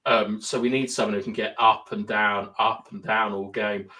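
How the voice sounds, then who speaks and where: A man's voice: lowish voice, fairly even intonation, moderate pace, bright, forceful tone. Chatty man explaining football tactics. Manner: explains tactics at length, thinks aloud with fillers. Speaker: podcast co-host. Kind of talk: casual football chat.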